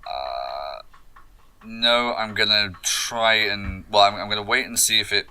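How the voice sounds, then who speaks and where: A man's voice: on the low side, measured pace, sharp tone. A man playing a tabletop game, thinking his moves through aloud with many fillers. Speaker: player.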